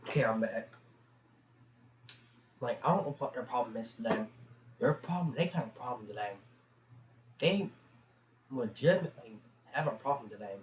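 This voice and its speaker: A man's voice: mid-range voice, animated, moderate pace, long pauses. Chatty teenage guy rambling on stream. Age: teens. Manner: chatty, loose, full of fillers. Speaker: livestream host. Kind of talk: casual rambling storytelling. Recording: roomy sound with faint background hum.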